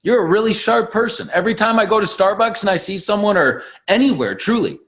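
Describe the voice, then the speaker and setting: A man giving an energetic, preachy motivational training talk on a conference call, acting out sales conversations. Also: high voice, fast. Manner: energetic and preachy, acts out dialogues. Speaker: network marketing trainer.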